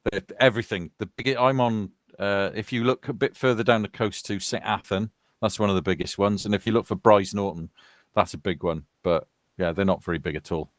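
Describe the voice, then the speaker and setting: A British man in his fifties, originally from Wales, talking in a loose, rambling way over voice chat. His voice sits fairly low and sounds dry and close, with no room sound around it. He drifts between stories and asides. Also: steady tone, a little fast, no echo. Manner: rambling, chatty, laughs while telling stories. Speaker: soldier chatting with gaming friends. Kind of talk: casual voice chat.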